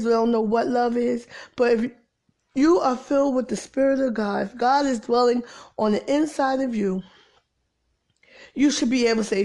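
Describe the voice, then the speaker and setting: A woman preaching an informal sermon, swinging from exasperated emphasis to soft, near-whispered lines. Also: fairly high pitch.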